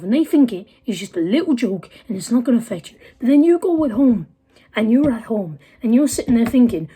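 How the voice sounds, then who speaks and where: Teen girl ranting on her vlog, swears loads, kinda high but mellow voice. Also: lively intonation, a little fast, husky. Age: late teens. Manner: heated, blunt, swears often. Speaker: vlogger. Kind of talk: angry profane rant.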